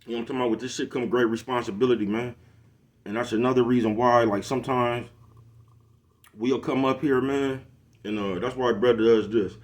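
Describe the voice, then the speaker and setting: A middle-aged social media commentator with a medium-pitched, steady voice moves briskly through a casual, preachy talk to camera. Again and again he asks if you know what he's talking about.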